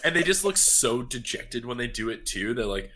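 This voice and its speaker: A man's voice: medium pitch, animated, normal speed, sharp tone, slight background noise. A man chatting casually about an anime, rambling with lots of fillers. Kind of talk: casual chat.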